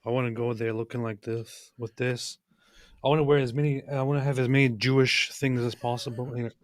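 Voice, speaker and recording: A man's voice: mid-range voice, steady tone, brisk, no room sound. A man co-hosting a casual political chat, sardonic, often stammering and restarting as he talks. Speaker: co-host.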